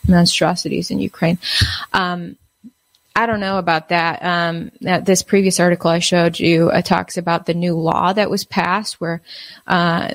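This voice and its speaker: A woman giving casual news commentary, halting and full of fillers and restarts. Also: lowish voice, no room sound. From United States.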